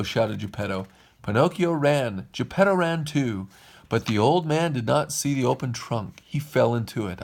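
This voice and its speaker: A man reading a children's storybook aloud to his kids, with an expressive, lilting delivery. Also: medium pitch, moderate pace, vocal fry. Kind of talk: storybook read-aloud narration.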